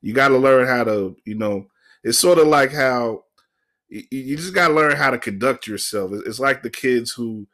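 A man's voice: mid-range voice, a bit bright. A man hosting a casual podcast chat, often stalling and repeating words as he talks. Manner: halting, repeats words, laughs along. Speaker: podcast host.

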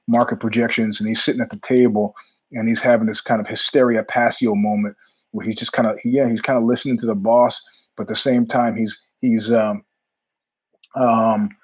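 A middle-aged male host with a husky, slightly breathy voice. He talks in a loose, rambling way, jumping from tangent to tangent. His pitch sits in an ordinary middle range. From New York. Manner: rambling, animated, jumps between tangents with asides. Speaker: podcast host. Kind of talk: casual monologue storytelling.

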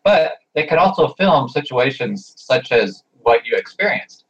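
A man's voice: medium pitch, very animated, unhurried, fairly bright tone, breathy edge. A man in a casual group chat, thinking aloud through a speculative idea. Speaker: participant. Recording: dull lo-fi sound.

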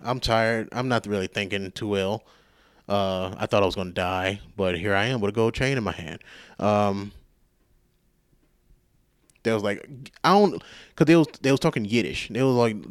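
Low-voiced man telling a rambling, profane story. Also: clear, resonant tone, dry recording, studio quality. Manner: profane, animated, self-mocking. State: tired. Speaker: podcast host.

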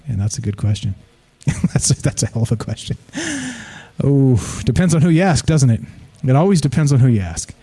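A man's voice: medium pitch, expressive, a little fast, mellow. A man hosting a casual live talk show, reading listener comments and rambling with frequent restarts and swearing.

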